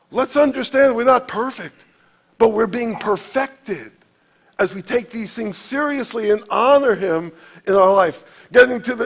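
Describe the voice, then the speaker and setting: A pastor preaching a sermon to his congregation, animated, acting out quotes with sudden jumps in pitch and loudness. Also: gravelly, highs cut off.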